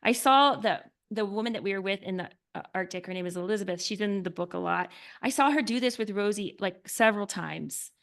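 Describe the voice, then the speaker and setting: A woman author talking earnestly as a podcast guest, often filling with "like" and dropping to a soft hush when describing calm. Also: mid-range voice, brisk, creaky, hardly any pauses. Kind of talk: podcast interview.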